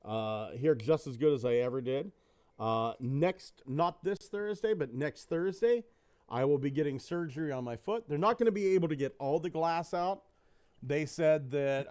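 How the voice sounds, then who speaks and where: A man's voice: mid-range voice, smooth. A middle-aged man co-hosting a live podcast, telling jokey stories in casual chat and laughing often. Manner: joking storyteller, laughs often. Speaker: podcast co-host.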